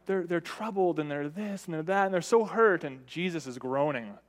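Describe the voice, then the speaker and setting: In this sermon, the man's intonation is lively and his pace moderate. He talks conversationally, frequently checking in with "right?" while shifting pitch and loudness to stress his points.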